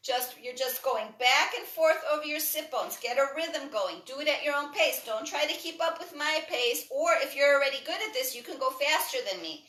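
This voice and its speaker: A woman guides a breathwork class with a bright, ringing voice, giving calm cues while moving. She sits a little high in pitch and stands off from the mic in an echoey room. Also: normal speed, hardly any pauses, recorded from a distance. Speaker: breathwork and yoga instructor. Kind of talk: guided exercise instruction.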